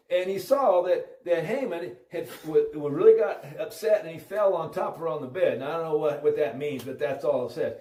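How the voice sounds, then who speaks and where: Guy preaching bible stories, kinda high voice, roomy sound, off-mic. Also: a little fast, few pauses, recorded from a distance. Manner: animated, acts out voices, many restarts. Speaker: religious storyteller. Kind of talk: informal preaching and Bible storytelling.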